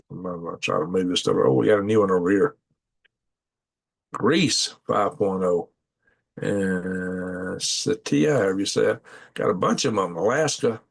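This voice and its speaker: A man's voice: lowish voice, vocal fry, husky. A man hosting a casual live stream, rambling in a folksy way and thinking aloud as he clicks through maps at home at night. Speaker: channel host.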